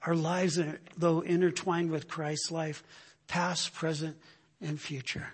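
An older man preaching a sermon, telling animated stories and repeating phrases for emphasis. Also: fairly high pitch, slow pace, slightly rough. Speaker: pastor. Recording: long hall reverb.

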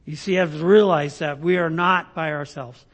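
A man's voice: fairly high pitch, fairly even intonation, normal speed. A man preaching a sermon, reading scripture aloud and explaining it in a conversational way, often checking in with his listeners. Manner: conversational, asks "right?" often, restarts.

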